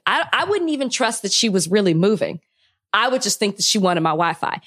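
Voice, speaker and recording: A woman's voice: medium pitch, very animated, brisk, fairly bright tone. A woman co-hosting a podcast in casual chat, blunt and emphatic in her opinions. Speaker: podcast co-host.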